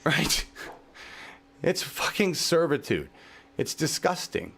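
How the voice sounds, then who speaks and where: A man talks straight to camera in a heated, profanity-laced vlog rant. His voice has a gravelly, fry-edged texture and swings widely in pitch, dropping low in grief and flaring up when he shouts. He sounds like he is outdoors in his own yard. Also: sing-song, slow pace, slight background noise. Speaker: channel host.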